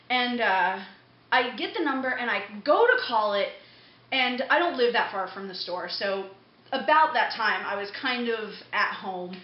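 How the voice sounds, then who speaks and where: A young woman vlogging, telling a story in a blunt, profane, quick-tempered way. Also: a little high. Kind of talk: casual storytelling to camera. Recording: dull echoey room recording with faint hum.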